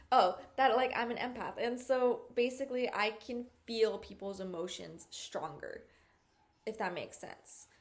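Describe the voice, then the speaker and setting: A woman hosting a podcast in a casual chat, rambling and searching for words, with lots of "like" and "you know". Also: mid-range voice. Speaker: podcast host.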